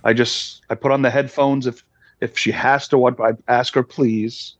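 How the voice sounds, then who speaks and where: A man's voice: mid-range voice, flat delivery, normal speed, no room sound. Joking man on a slightly dull-sounding mic. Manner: joking, playfully indignant. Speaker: podcast co-host, actor. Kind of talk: casual chat.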